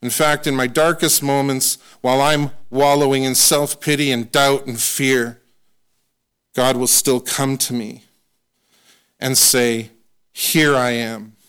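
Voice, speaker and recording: A man delivering a sermon, his voice smooth and resonant at a middle pitch. He talks to the congregation in a relaxed, conversational way and pokes gentle fun at himself. When he reads scripture, he slows down and leans on the words. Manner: conversational, self-deprecating humor. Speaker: pastor.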